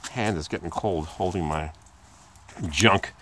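A man's voice: unhurried, sharp tone, a little hiss or hum. A man talking casually while repairing his car, rambling and chatty, filming on a handheld phone. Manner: rambling, chatty, imitates squeaks in a high voice. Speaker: car repair video maker. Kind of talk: casual hands-on repair talk. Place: outdoors by a car in a driveway. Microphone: phone camera held in hand.

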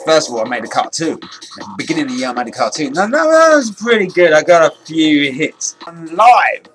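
A man vlogging in an excitable, rambling way, with lots of restarts and casual swearing. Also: fairly high pitch, fairly quick. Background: faint electronic music.

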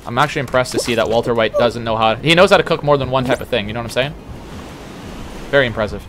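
A man streaming a platform game, talking casually in an excitable, boastful way with sudden yelps. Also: medium pitch, fast talker, faint music behind. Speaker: livestreamer. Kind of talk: casual gaming commentary.

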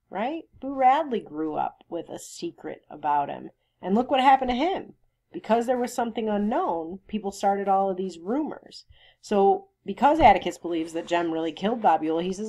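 A woman's voice: medium pitch, expressive, normal speed, warm tone. A woman teacher reading a novel aloud and stopping to explain it to her students in a conversational way. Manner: conversational, stops to explain and quiz.

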